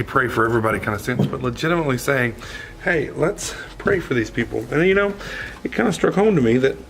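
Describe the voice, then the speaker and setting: A man's voice: mid-range voice, a bit bright, a little hiss or hum. A man who is a youth minister, talking in a casual vlog. He reflects candidly and rambles.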